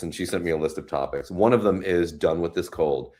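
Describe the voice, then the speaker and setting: A man hosting a casual live stream from his home in New York City, chatting about the weather and reading viewer comments aloud with gentle, consoling words. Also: sits low, fairly quick. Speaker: host.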